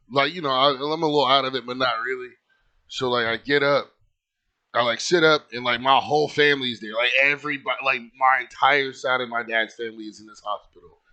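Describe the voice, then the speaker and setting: Bright-voiced man telling a rambling story. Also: medium pitch, lo-fi sound. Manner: rambling, lots of filler likes, swears freely. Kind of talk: casual personal storytelling.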